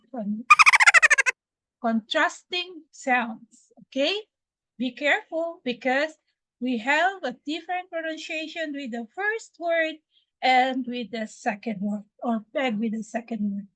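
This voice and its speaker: A woman from the Philippines with a Filipino accent, teaching English pronunciation slowly and deliberately, repeating words for drills. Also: sits high, fairly bright tone, no room sound, rough recording. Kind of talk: pronunciation lesson.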